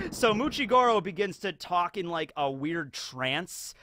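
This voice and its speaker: A man's voice: high-pitched, animated, unhurried, hardly any pauses, bright, forceful tone, no room sound. A man hosting a video, recapping a movie in a rambling, casual way full of fillers. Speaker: video host.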